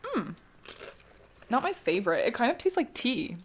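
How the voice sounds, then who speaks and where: A woman's voice: on the high side, sing-song, normal speed, breathy edge. A young woman co-hosting a podcast, chatting casually and jokingly from an apartment, with lots of fillers and laughter. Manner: giggly, joking, rambling with fillers. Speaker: podcast co-host. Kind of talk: casual chat. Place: apartment with traffic outside.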